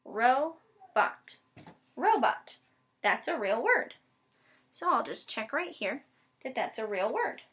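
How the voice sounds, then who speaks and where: Teacher lady, kinda high-pitched, walks a student thru syllables step by step, lots of "okay?". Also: very animated, bright, forceful tone. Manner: patient, spells words out letter by letter; slow, deliberate modeling with frequent check-ins. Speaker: special education teacher. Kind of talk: one-on-one phonics lesson.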